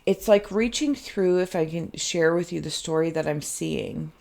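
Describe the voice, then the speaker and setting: A woman's voice: on the low side, normal speed, creaky, warm tone. A woman giving an intuitive card reading, meandering and searching for words, her throat phlegmy. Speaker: tarot card reader.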